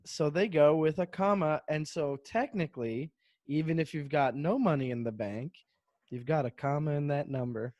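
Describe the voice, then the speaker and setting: A man, a comedian guest, chatting casually and telling jokey stories with quick restarts over a home mic. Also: fairly high pitch, darkish tone, no room sound, highs cut off. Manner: quick, joking storyteller with restarts. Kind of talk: casual chat. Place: home, remote. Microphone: home microphone, remote call.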